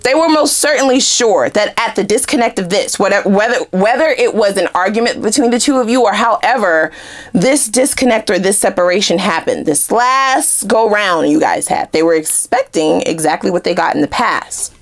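A woman giving a casual tarot reading to camera, sassy and animated, with frequent laughter and asides. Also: mid-range voice, moderate pace. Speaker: tarot reader.

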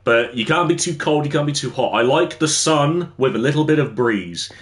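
A man's voice: a little high, lively intonation, moderate pace. Chatty English man streaming a game. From England. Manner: rambling, chatty, reads out and answers chat messages. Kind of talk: casual livestream chat while gaming.

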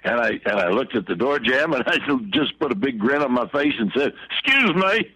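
An older man, a podcast guest, telling long rambling anecdotes full of fillers and restarts in a husky voice. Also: medium pitch, a little fast, noisy background. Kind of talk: anecdotal storytelling in a podcast interview.

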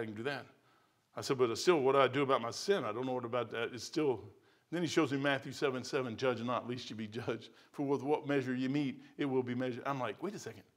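Pastor, middle-aged man, sermon in a church; bright, forceful, slightly high voice, lurching between hushed and fervent. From United States. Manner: swings from quiet musing to loud fervent testimony. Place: church sanctuary.

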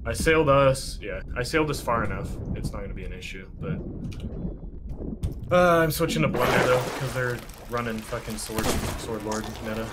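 A man streaming a multiplayer game, strategizing and swearing excitedly as he talks with a teammate. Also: medium pitch. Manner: profane, quick strategizing, excitable. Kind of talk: casual gaming chat with a teammate. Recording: loud background noise.

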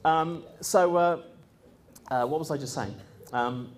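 Taking it slowly, a man with a fairly high-pitched voice shares his experiences in a relaxed, chatty story. He meanders, restarts and relies on ums and uhs, yet stays animated, adopting other people's voices when he quotes them.

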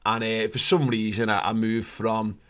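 A man's voice: on the low side, little pitch movement, moderate pace, fairly bright tone, clean tone. A man, co-hosting a podcast in casual chat, ranting and swearing with many restarts. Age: 30s. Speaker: podcast co-host.

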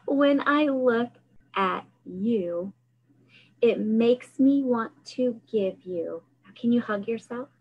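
Woman, children's storytime host, sing-song, slow unhurried pace, raised pitch, dull lo-fi sound. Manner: cheerful, sing-song, coaching kids through motions. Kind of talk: singing action songs for young children.

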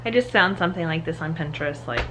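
Speaking quickly in a low, expressive voice over background noise, this young woman rambles to her handheld camera at home. It's a casual vlog chat, peppered with "like," and she sometimes sounds breathless.

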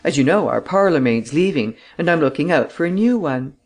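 A man reading the part of a gentle young wife and mother who answers softly and with hesitation. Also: on the high side, lively intonation, a little fast. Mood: hesitant.

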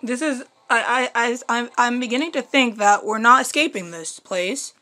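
A young woman, a gaming YouTuber, records a let's play of a horror game, shrieking at every scare and then muttering to herself. Her fairly high voice moves at a moderate pace with a sharp tone, strained from all the screaming. Faint music plays behind her.

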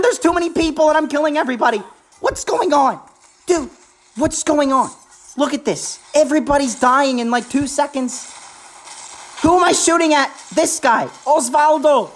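A woman giving excitable, hyped gameplay commentary as a gaming YouTuber, talking straight to her viewers. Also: fairly high pitch, moderate pace.

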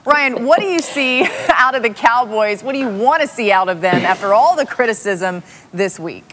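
A woman hosting a studio sports show, crisp and brisk with a wry touch. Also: fairly high pitch, expressive, fairly bright tone, slight background noise. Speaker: show host.

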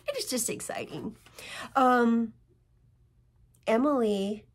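Husky, chatty middle-aged woman. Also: fairly high pitch, slow. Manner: rambling and chatty, with many restarts and self-corrections. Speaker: cross-stitch vlogger. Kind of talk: casual chat.

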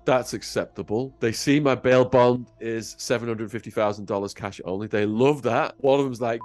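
A man's voice: mid-range voice, steady tone, normal speed, hardly any pauses, a little mellow. An English man, a guest on an interview show, telling his own story in a vivid, dramatic way. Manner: vivid, acts out voices.

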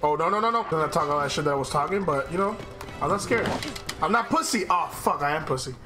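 A man giving loud, excitable gameplay commentary, swearing and trash-talking the enemies as he plays. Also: fairly high pitch, quick pace, music in the background. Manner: excitable trash talk, swearing, shouting at the game. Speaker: gaming YouTuber.

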